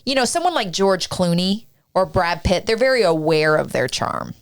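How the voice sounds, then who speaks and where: A woman's voice: on the low side, lively intonation, normal speed, clean tone. A woman co-hosting a podcast, talking in a thoughtful, earnest way. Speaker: podcast co-host. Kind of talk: casual chat.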